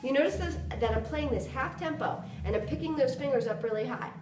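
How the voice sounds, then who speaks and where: Animated and high-pitched, a female flute teacher speaks a little fast while counting beats and singing articulation syllables in a lesson. Loud music sits behind her voice along with flute playing. The recording is echoey and distant.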